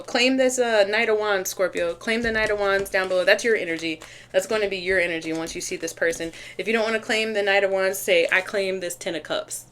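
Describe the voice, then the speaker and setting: A woman gives a casual tarot reading straight to her audience, chatty and easily excited. She often restarts her sentences and fills gaps with "um" and "like." Her voice sits mid-range for a woman, and faint background noise runs under the recording. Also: mid-range voice, fairly quick. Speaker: tarot reader.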